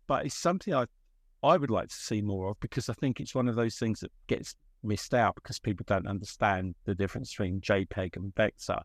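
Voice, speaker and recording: A man hosting a podcast, rambling through animated stories and acting out quotes in casual chat. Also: fairly low pitch, a little fast, no room sound, studio quality. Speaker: podcast host.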